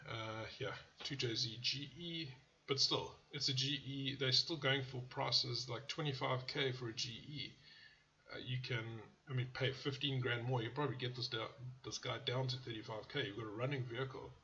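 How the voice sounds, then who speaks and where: A man's voice: medium pitch, steady tone, normal speed, pushed and bright, muffled recording, a little hiss or hum. A man hosting a car channel, casually reviewing car ads in a blunt, profane way that often turns into rants. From South Africa.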